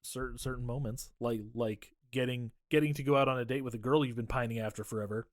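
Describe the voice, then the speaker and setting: A man's voice: medium pitch, fast talker, no room sound, studio quality. A man co-hosting a podcast, casually recapping a film with lots of swearing and quoted lines. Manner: profane, animated retelling with quoted voices. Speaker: podcast co-host. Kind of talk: casual movie-recap chat.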